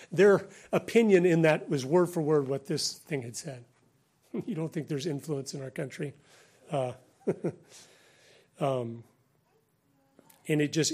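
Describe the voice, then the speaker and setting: A middle-aged American man giving a conversational sermon-style talk, animated and laughing between points. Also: fairly high pitch.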